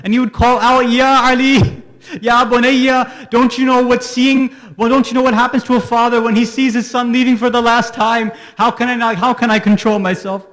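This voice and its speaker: A man giving a religious sermon, telling a mournful story and rising into high, emotional wailing. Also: level tone, normal speed, fairly bright tone. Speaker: speaker at an Islamic center. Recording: long hall reverb.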